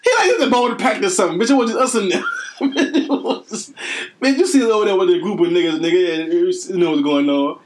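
A young man telling a story in casual chat, excited and profane, laughing often. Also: high voice, brisk. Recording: faint background noise.

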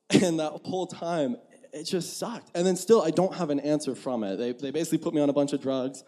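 A man's voice: medium pitch, fast talker, mellow. A young man giving a sermon in a conversational, candid way, acting out his own inner dialogue. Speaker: preacher.

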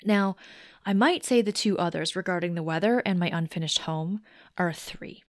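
A woman's voice: fairly low pitch, moderate pace, dry recording, clean studio sound. A woman hosting a solo self-help podcast. She talks in a conversational, reflective way and explains things step by step. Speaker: podcast host.

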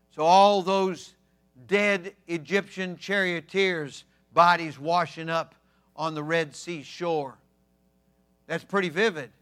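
Male pastor, high bright voice, emphatic sermon delivery with loud and soft swings. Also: takes it slowly.

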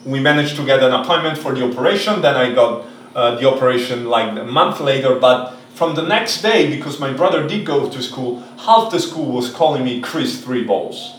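Man from italy, english, lively storyteller, roomy sound, from a distance. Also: medium pitch, normal speed, slight background noise. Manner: animated, swearing, acts out voices. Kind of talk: casual storytelling.

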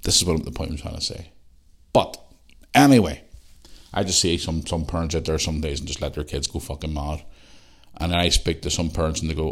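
A man's voice: rumbling low, expressive, brisk. A middle-aged man, hosting a podcast, ranting bluntly and swearing freely in a casual monologue. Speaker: podcast host.

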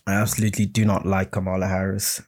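A man's voice: low voice, little pitch movement, fast talker, darkish tone. A man hosting his own podcast, ranting in a rambling, heated, unscripted way and swearing often. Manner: rambling, heated, swearing, mimics others in mocking voices. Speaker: podcast host. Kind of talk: solo casual rant.

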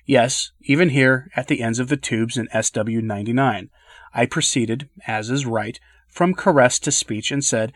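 A man reading a literary essay aloud in a measured, earnest way, letting his voice drop softly at the ends of phrases. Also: medium pitch, dry recording, clean studio sound. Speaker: podcast reader.

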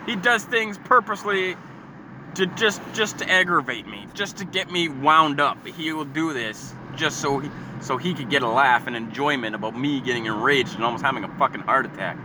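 A man's voice: medium pitch, normal speed. A man delivering a heated, profane comedic rant, rambling and repeating himself. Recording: street recording with traffic noise. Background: passing cars.

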